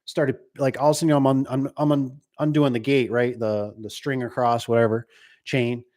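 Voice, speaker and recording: A man's voice: mid-range voice, little pitch movement, a little fast, a little mellow. A middle-aged man who runs a garage door business, chatting casually about trucks in a rambling way, full of restarts and acted-out quotes. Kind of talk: casual chat.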